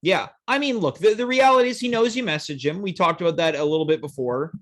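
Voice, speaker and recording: A man hosting a comedic chat show, teasing his guest with deadpan jokes and mock-earnest advice. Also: on the high side, fast talker. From Canada. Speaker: host.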